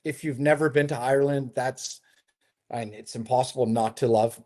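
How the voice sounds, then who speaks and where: A man of middle pitch speaking as a guest on an interview call, relaxed and chatty. He rambles through his stories with plenty of ums, you-knows and restarts. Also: moderate pace. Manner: chatty storyteller, many fillers and restarts. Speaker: hotel developer, interview guest. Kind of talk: casual conversational interview. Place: his home in Lisbon.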